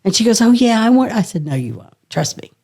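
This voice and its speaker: A middle-aged woman, a guest on a podcast, telling a casual story with lively energy, laughing often and swearing now and then. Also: fairly high pitch, quick pace, creaky.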